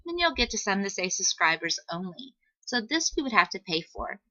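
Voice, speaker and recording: A woman teacher giving a patient, step-by-step screen-recorded software tutorial on a computer microphone, with "um" fillers. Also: mid-range voice, big pitch swings, fairly quick, no room sound, muffled recording.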